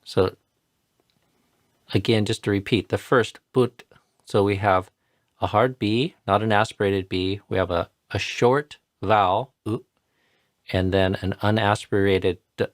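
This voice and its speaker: Recorded at studio quality with no room sound, a man with a steady, lowish voice teaches chanting in a live tutorial. He is patient and explanatory, slowly repeating words to model pronunciation.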